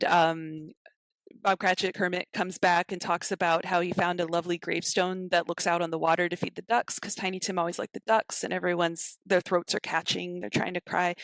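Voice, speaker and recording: A woman's voice: fairly low pitch, dry recording. A woman chatting casually on a podcast, retelling a film scene by scene and acting out the lines as she goes. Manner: animated storyteller who acts out quotes.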